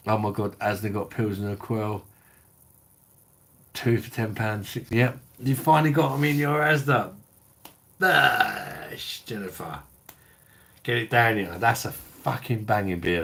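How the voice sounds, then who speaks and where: Tipsy from drinking, a middle-aged English man who hosts a beer review channel chats loosely on a live stream, swearing, calling everyone mate, and reading out viewer comments. His very low, deep voice has a slightly bright, breathy edge, and he comes across as blokey.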